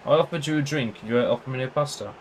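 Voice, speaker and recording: A young man talking through a football game as he plays it, excitable and quick to swear. He jokes with someone beside him between chances and sits at a middling pitch. There is faint room noise behind him. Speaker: gaming YouTuber. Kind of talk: casual gameplay commentary.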